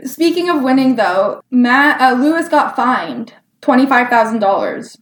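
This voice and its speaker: A woman co-hosting a casual chat podcast, retelling things in an animated, giggly way. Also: high-pitched, a little slow, roomy sound. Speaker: podcast co-host. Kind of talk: casual chat about motor racing.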